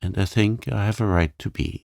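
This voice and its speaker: A man's voice: lowish voice, moderate pace, vocal fry, a little mellow, no room sound, clean studio sound, voice pushed up. A man reading a storybook, voicing a proud, forthright young woman in love, his voice raised and plain-spoken. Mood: hurt.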